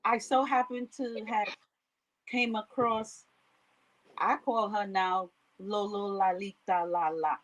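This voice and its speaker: A woman with a New York accent speaks slowly on a livestream. She talks hesitantly and fills her pauses with ums and likes as she introduces herself to the audience. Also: mid-range voice, fairly even intonation, highs cut off. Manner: slow, hesitant, many fillers. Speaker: guest. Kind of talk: livestream interview.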